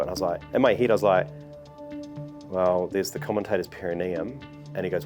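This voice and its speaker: A man's voice: low-pitched, quick pace, over music. A man, telling a story in an interview and acting out the voices he quotes. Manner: animated, acts out quoted voices. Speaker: commentator recalling events.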